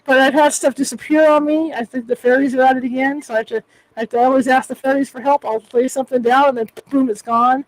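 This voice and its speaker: Fast-talking high-voiced woman host. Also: steady tone, no echo, poor audio. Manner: chatty, frequent word repeats and restarts. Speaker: podcast host. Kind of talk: casual interview chat.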